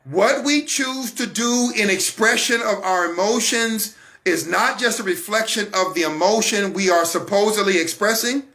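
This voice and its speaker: Man, American, Christian broadcast host, emphatic sermon-style talk, gravelly fry. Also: high-pitched, normal speed, pushed and bright. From United States. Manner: emphatic and repetitive, addresses listeners directly.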